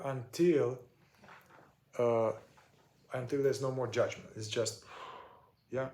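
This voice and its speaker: A man explains a therapy process one step at a time, in no hurry and pausing often to find his words. His voice sits in a middle register. The room around him rings with a noticeable echo. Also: medium pitch, a little mellow. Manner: unhurried, searching for words with many fillers. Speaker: somatic shadow work teacher.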